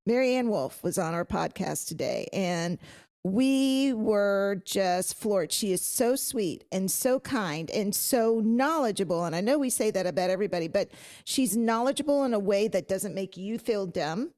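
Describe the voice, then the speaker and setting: A woman's voice: mid-range voice, moderate pace. A woman co-hosting a podcast, chatting and telling stories. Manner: chatty, animated storytelling. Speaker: podcast co-host. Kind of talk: casual podcast chat.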